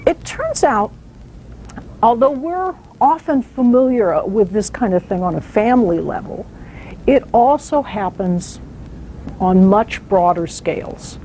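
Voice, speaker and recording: A woman author giving a public talk, telling stories in an animated way with some fillers. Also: medium pitch, a little slow, slight background noise, low-quality recording. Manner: storytelling, animated, uses fillers.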